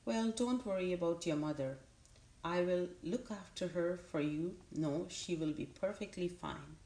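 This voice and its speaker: A woman voicing a chatty, excitable male squirrel in a storybook reading. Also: lowish voice, measured pace. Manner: lively, chattering. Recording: roomy echo.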